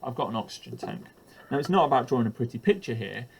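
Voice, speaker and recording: A man's voice: mid-range voice, lively intonation, fast, creaky, slightly rough. A man explaining a chemistry lesson for teachers while drawing, hesitant with frequent ums and uhs and the odd self-deprecating aside.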